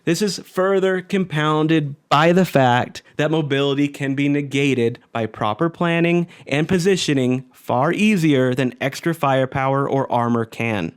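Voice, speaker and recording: A man narrating a scripted video essay critiquing a video game, exasperated and sarcastic, with sighs and dramatic pauses. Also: a little high, clean tone. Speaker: game commentator.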